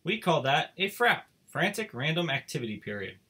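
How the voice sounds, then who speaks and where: A man voicing a stern female dog-training teacher who lectures in a brisk way. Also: on the high side, sing-song, sharp tone, slightly rough, full character voice.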